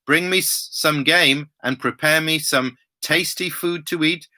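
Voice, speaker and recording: A scheming mother presses her son to follow her plan in a Bible reading, read by a man. The voice is bright and pushing, and the delivery is that of a plain reading. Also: a little high, a little slow. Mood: urgent.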